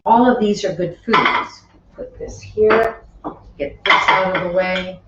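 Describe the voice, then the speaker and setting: A woman's voice: fairly low pitch, normal speed. A woman teaching a live cooking class in her kitchen, chatty, explaining each step and adding asides as she works. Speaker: cooking instructor. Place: home kitchen. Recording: roomy, distant, dull sound with faint kitchen noise.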